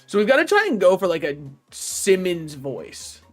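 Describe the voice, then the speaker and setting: A man's voice: high-pitched, wildly swooping pitch, moderate pace, soft background music. A man streaming a game, chatting casually with viewers, profane and rambling, laughing often. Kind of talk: casual gaming stream chat.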